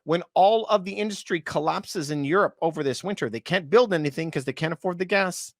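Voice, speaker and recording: A man in his thirties speaks straight to his viewers with fairly high pitch for a man. He presses his points hard and repeats himself for emphasis. The sound is dry and close, with no room echo. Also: brisk. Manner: emphatic and repetitive, often calls things unbelievable. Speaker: real estate video host. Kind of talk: casual commentary to viewers.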